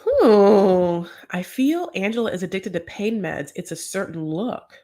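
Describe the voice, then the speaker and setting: A woman's voice: medium pitch, expressive, a little slow, dark tone. An American woman hosting a casual recap, talking in a chatty, gossipy, sassy way. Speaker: host. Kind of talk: casual reality-show recap.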